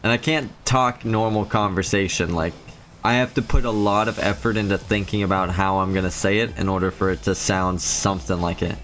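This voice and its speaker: A man's voice: low voice, steady tone, a little fast, a bit bright. A man from the Philippines, chatting casually on a live game stream and answering chat.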